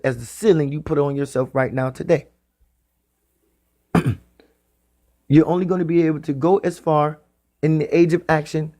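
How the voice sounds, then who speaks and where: A man giving a spiritual talk in the style of a sermon. He speaks emphatically and repeats his phrases, sometimes drawing them out slowly. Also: fairly high pitch, mellow. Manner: repetitive, emphatic, drawn-out phrasing. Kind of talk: preaching monologue.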